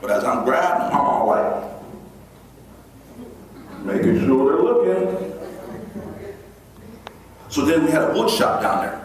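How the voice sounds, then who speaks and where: Animated male speaker in an echoey hall. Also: on the high side, fast talker. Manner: animated, acts out voices in his story. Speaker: motivational speaker. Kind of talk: storytelling keynote speech. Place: large event hall. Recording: echoey hall from far off, faint noise.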